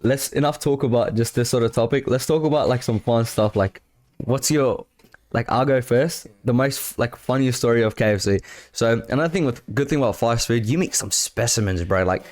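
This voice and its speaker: Blunt young storyteller. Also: male voice, medium pitch, moderate pace, darkish tone. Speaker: podcast co-host. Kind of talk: casual chat.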